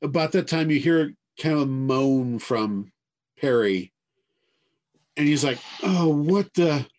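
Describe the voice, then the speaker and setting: A man's voice: medium pitch, darkish tone. A man narrating a tabletop game as game master, telling the scene with many hedges. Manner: drawn-out storytelling with many hedges.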